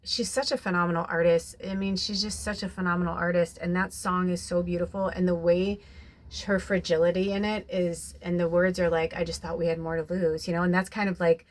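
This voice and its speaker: A woman's voice: on the low side, level tone, fairly quick. A young adult woman, a spiritual medium, talking in a rambling, emotional way with lots of "like" and "you know", then leading a guided meditation. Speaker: spiritual medium doing a card reading. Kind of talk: casual, emotional personal talk and guided meditation.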